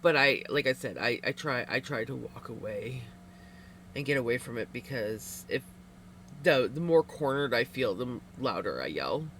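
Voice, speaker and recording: Woman streamer, casual chat, bouncy pitch, frequent laughs, faint hum behind. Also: expressive, normal speed, fairly bright tone. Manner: laughs often, candid, rambling. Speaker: livestreamer. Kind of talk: casual chat with viewers while knitting.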